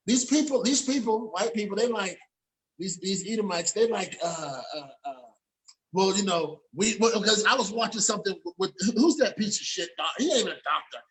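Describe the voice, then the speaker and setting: Male host with a high voice, on a video call, ranting in a heated, profane way. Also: a bit bright, poor audio. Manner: profane, heated, repeats himself, restarts. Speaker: show host. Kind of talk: ranting casual talk show chat.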